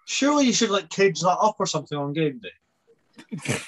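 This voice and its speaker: A man with a fairly high voice chats casually as a podcast co-host. He rambles, circling his point and stacking up fillers as he goes. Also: very animated, normal speed, fairly bright tone. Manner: rambling, heavy use of "like". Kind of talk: casual chat.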